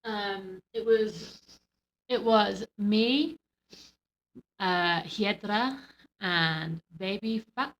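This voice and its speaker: A woman, a professional wrestler, co-hosting a podcast in relaxed, playful casual chat with short replies. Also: mid-range voice, drawn-out words, long pauses, rough recording.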